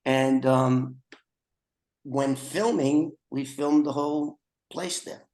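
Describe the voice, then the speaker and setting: A man's voice: mid-range voice, fairly even intonation, takes it slowly, darkish tone, poor audio. An older man hosting a podcast over a video call, chatting casually with rambling, joking asides. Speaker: podcast host.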